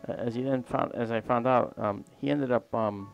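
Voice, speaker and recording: A man's voice: medium pitch, steady tone, normal speed, vocal fry, lo-fi sound, soft background music. A man hosting a livestream and telling a long personal story in a casual, rambling way that often trails off mid-sentence. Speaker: livestream host.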